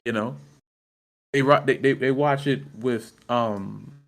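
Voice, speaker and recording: A man's voice: mid-range voice, vocal fry. Emphatic man repeating his point. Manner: emphatic, repeats himself, slow and insistent. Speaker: podcast co-host. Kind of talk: casual wrestling chat.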